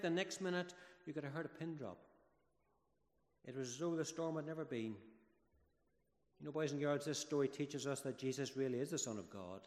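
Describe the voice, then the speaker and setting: A man giving a children's talk during a church service, telling the story with lively, dramatic build-ups. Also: on the high side. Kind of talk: children's sermon. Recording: echoey church hall with long reverb.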